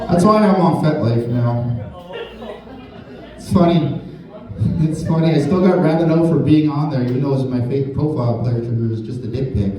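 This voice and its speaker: Crude rambling comedian in echoey hall. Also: male voice, medium pitch, normal speed. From Canada. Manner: crude, rambling, swears a lot. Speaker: stand-up comedian. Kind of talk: stand-up set. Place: large indoor hall, live show. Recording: echoey hall from far off, crowd noise. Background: audience laughter.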